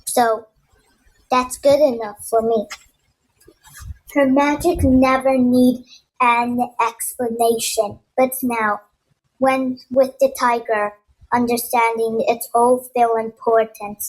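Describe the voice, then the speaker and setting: A woman narrating a first-person audiobook in a measured, even storytelling manner. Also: fairly high pitch, poor audio.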